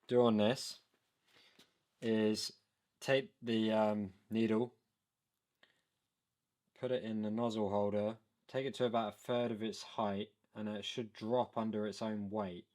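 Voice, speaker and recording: A man narrating a hands-on engine repair tutorial, explaining step by step while he works and often pausing with an um. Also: on the low side, fairly even intonation. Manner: explains step by step while working, with frequent ums. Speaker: DIY boat engine tutorial maker.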